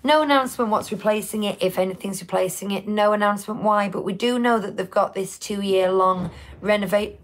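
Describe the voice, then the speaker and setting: A woman's voice: mid-range voice, fairly quick, hardly any pauses. Woman, podcast co-host, rambling chatty delivery, casual live chat.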